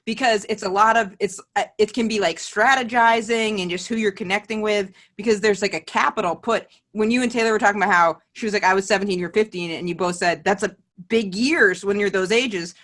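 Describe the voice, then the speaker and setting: A woman's voice: mid-range voice, a little fast, few pauses, a bit bright. A woman hosts a casual podcast interview. She is chatty and swears easily. She keeps the talk going with eager follow-up questions. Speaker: podcast host.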